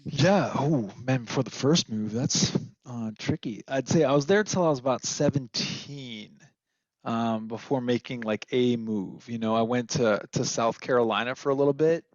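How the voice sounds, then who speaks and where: A man's voice: medium pitch, normal speed. A podcast guest from Minnesota talks candidly and rambles, with plenty of fillers. His voice is in the middle range. The audio is dull and lo-fi, in a dry room with no echo. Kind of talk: casual podcast conversation.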